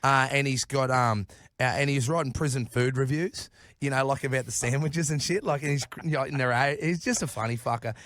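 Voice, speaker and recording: A man's voice: mid-range voice, fairly quick, fairly bright tone, dry recording, clean studio sound. Rambling, swearing New man. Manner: rambling, swears constantly, laughs often. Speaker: podcast guest. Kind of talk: casual chat. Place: podcast studio.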